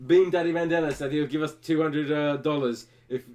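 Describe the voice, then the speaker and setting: A man bantering on a casual live stream in a somewhat high voice. He teases his co-host and throws out crude jokes in a loose, rambling way. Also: fairly even intonation, a little fast, darkish tone.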